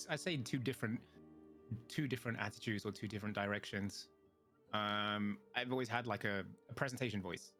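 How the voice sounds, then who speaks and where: A man with a British accent, a guest on an interview podcast, speaking thoughtfully with many pauses and ums. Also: mid-range voice, fairly bright tone. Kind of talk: casual interview chat.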